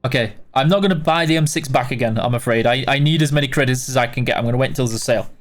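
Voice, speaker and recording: A man's voice: medium pitch, very fast. A man hosting a game livestream, reading out chat questions and answering them casually, tired and yawning. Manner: reads chat questions aloud, answers offhand with fillers. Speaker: livestream host answering chat while playing.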